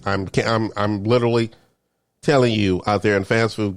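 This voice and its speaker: A man, ranting comedically to camera in a vlog and dropping into hushed whispered asides. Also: on the low side, fairly even intonation, a little fast, no echo. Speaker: vlogger.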